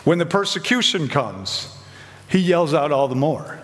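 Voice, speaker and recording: A man's voice: a little high, lively intonation, measured pace, a bit bright, long reverb tail. A man preaching a conversational sermon, asking his listeners questions and briefly acting out the voices of the people in his story. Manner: conversational, acts out quoted voices, asks questions.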